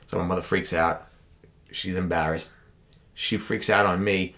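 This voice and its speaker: A man's voice: deep voice, steady tone, measured pace, long pauses, sharp tone. A young man co-hosting a podcast, telling a story in casual chat and acting out the people in it. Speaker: podcast co-host.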